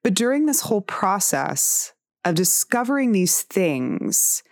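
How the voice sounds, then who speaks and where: A woman's voice: medium pitch, sing-song, unhurried, no echo, clean studio sound. A woman in her forties hosting a personal tarot podcast, talking frankly and candidly, with swearing and laughs. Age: 40s. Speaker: podcast host.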